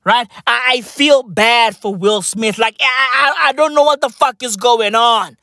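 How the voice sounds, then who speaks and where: Brief: male host, slow, deliberate rant, swears a lot, punches lines with shouts, dry close sound. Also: extremely high pitch, dry recording. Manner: profane, emphatic, bursts into shouting. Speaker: podcast host. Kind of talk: ranting solo commentary.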